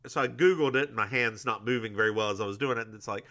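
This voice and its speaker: A young adult man co-hosting a podcast, chatting casually and telling stories quickly, acting out the quotes. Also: lowish voice. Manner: animated, quick storytelling with acted-out quotes. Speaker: podcast co-host. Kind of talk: casual chat.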